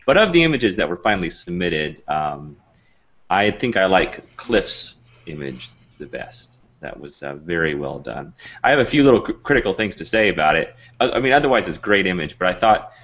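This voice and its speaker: A man's voice: low voice, very animated, moderate pace, a bit bright, muffled recording. A man hosting an online show, talking casually and rambling with lots of fillers. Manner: rambling, chatty, many fillers. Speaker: host. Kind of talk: casual video call chat.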